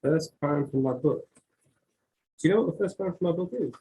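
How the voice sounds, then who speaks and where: A poet and author is interviewed in a loose, conversational way, talking with lots of fillers and restarts and reading his own poems aloud. His voice is fairly high, brisk and warm, though the recording is rough.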